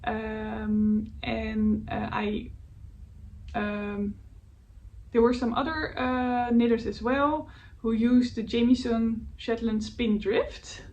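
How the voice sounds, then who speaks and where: Unhurried woman knitting podcaster, searching for words. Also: a little high, steady tone. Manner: hesitant, searching for words, many fillers; laughs softly at herself. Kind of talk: casual show-and-tell chat. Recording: faint background noise, voice a bit distant from the mic.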